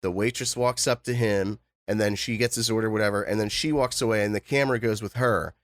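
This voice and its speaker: A man's voice: on the low side, fairly even intonation, fairly quick, no room sound. A man co-hosting a podcast, laid-back and casual, swearing now and then. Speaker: podcast co-host. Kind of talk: casual chat.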